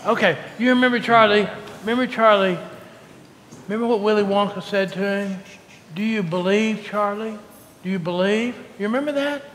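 A man's voice: sits high, a little fast, a bit bright, big-room sound. A male pastor giving a coaxing, call-and-response children's sermon in a church. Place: church sanctuary.

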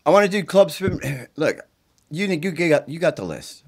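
A man's voice: a little high, sing-song, normal speed, breathy edge. Sick, profane man pleading agitatedly. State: sick with the flu, congested and tired. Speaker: self-recording video poster. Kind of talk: rambling direct-to-camera plea. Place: indoors at his mother's home.

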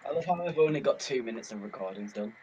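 A man's voice: medium pitch, animated, a little mellow, slight background noise, low-quality recording. Teasing young man on game voice chat. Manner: joking, teasing, quick-talking. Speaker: gaming partner. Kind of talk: casual gameplay chat.

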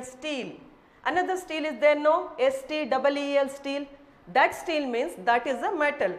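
A woman with an Indian English accent teaching a vocabulary lesson to children, spelling each word letter by letter and repeating every phrase twice. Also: high-pitched.

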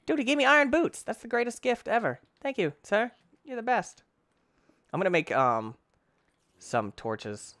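An excitable young man narrating his own gameplay, bouncing wildly between mutters and squeals. His delivery is dry and close, with no room around it, at an everyday middle pitch. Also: no echo. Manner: excitable, exclaims and talks to himself; mild cursing substitutes like frick and stinking. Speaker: gaming YouTuber. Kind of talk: let's play commentary.

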